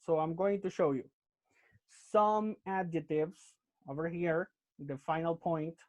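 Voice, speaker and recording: In this muffled, lo-fi video call recording, a man's voice sits high with a darkish tone. Speaking through his computer mic, he walks an online class through English grammar one step at a time, checking in with "okay?" after every point.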